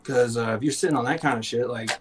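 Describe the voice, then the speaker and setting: A man's voice: medium pitch, fast, slight background noise, low-quality recording. A man co-hosting a casual talk show, sarcastic and profane, laughing often and mocking people in put-on voices. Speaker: podcast co-host. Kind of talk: casual chat.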